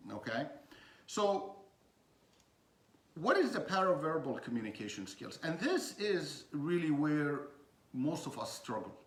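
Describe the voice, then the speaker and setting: Slow, halting man teaching in an echoey room. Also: a little high, fairly bright tone. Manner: slow, with many pauses and fillers. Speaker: communication coach. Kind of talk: informal teaching talk.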